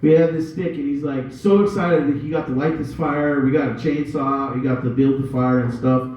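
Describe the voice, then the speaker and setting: A man's voice: medium pitch, fairly even intonation, moderate pace, a little mellow. Brief: cussing stand-up man, rambling delivery, echoey and dull far-off sound. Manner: rambling, profane, loose storytelling. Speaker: stand-up comedian. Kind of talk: stand-up comedy set.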